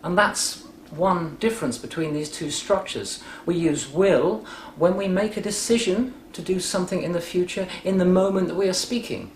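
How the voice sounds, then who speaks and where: A man teaching English grammar by telling a short story, patient, clear and deliberate. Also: high voice. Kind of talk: explaining grammar through a story. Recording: roomy echo with faint background noise.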